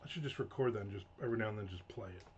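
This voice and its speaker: A man's voice: lowish voice, rapid-fire, darkish tone, dull audio, a little hiss or hum. A man hosting a live stream, rambling through casual stories with frequent swearing. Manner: rambling, profane, chatty storytelling. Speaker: livestream host. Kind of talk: casual chat while writing. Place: home room.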